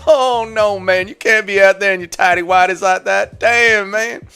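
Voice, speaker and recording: Man putting on a loud Louisiana fight caller. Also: sits high, steady tone, moderate pace, smooth, voice pushed up. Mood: excited. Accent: Louisiana put-on.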